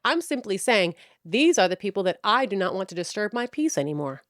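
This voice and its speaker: A woman's voice: mid-range voice, very animated, brisk, a bit bright, no echo, studio quality. A woman in her thirties hosting her own show, ranting bluntly and profanely with a mocking edge. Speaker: podcast host. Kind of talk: ranting monologue.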